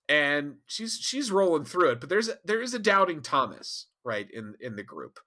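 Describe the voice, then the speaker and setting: Podcast host guy, bright voice, swears a lot and keeps laughing. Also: on the high side, normal speed, hardly any pauses. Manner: animated, profane, laughs often. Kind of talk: casual chat.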